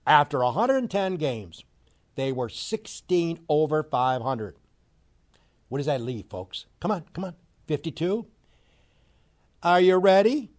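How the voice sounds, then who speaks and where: A middle-aged man delivers a fiery sports commentary rant. His slightly high voice swings wildly, dropping to sarcastic low mutters before bursting into mocking shouts. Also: very animated, unhurried, long pauses.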